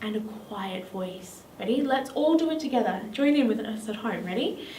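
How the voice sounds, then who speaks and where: A woman's voice: fairly high pitch, expressive, normal speed, mellow. A woman with an Australian accent leading a children's drama lesson in an encouraging, sing-song teacher voice. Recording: echoey room, mic at a distance, faint noise.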